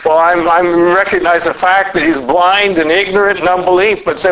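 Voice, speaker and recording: A man with a fairly high voice preaches a sermon. He speaks earnestly and leans hard into key words. He slows down as his voice rises on the points he stresses. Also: poor audio. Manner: earnest preaching, rising to emphatic peaks; lively pitch, slows down for emphasis.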